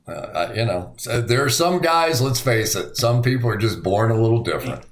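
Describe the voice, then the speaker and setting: Animated storytelling middle-aged man. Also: fairly quick, a little hiss or hum. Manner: animated storyteller, acts out quotes with big pitch jumps. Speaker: podcast co-host. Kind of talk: casual chat.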